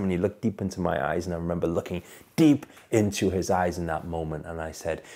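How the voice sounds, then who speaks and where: This man's gravelly voice moves a little fast through an earnest personal story told as a monologue. He swells to emphatic peaks, then drops to a low, soft tone.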